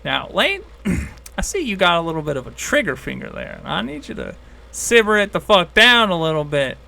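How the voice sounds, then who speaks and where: A man voicing a folksy male god who speaks calmly with a laid-back drawl and a quiet menace, in a tabletop role-play. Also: high-pitched, moderate pace, vocal fry, heavily acted. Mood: drawling warning.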